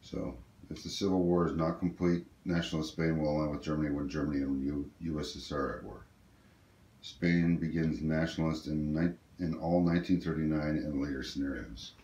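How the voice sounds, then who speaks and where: A man's voice: a bass voice, fairly even intonation, fairly quick, mellow, dull audio. A man casually talking through his moves in a tabletop strategy game, explaining as he goes with plenty of ums and uhs. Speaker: board game player. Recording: echoey room with faint noise.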